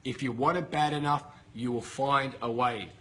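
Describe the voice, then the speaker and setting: A man's voice: medium pitch, steady tone, normal speed, pushed and bright, slight background noise. A man giving a blunt, emphatic motivational talk to camera, swearing freely and ranting at his listeners. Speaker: motivational coach. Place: filmed in Bali with a camera operator.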